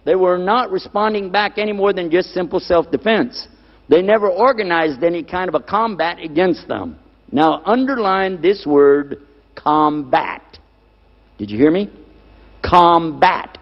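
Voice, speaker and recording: A man with a fairly high voice lectures on scripture, hammering single words and checking whether his audience is following. His voice rings through a long hall reverb. The recording sounds dull and lo-fi. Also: lively intonation, normal speed. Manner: emphatic, repeats key words, asks the audience questions. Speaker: preacher.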